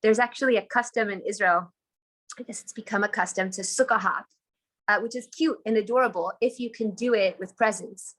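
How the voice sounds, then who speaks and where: A woman's voice: medium pitch, a little fast, fairly bright tone. Enthusiastic woman teaching over a video call. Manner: enthusiastic, chatty storytelling. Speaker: Torah teacher.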